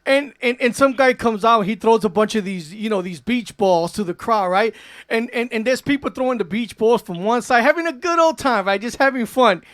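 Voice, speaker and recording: A man hosting a radio interview, telling stories in an animated way, laughing often and swearing casually. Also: very high voice, fairly quick. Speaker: radio host.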